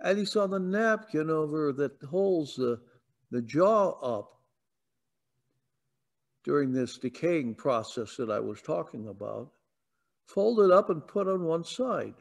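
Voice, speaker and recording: Slow-speaking man preaching a sermon. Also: a little high, expressive, creaky. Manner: storytelling, rising to emphatic declarations. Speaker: pastor. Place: church sanctuary.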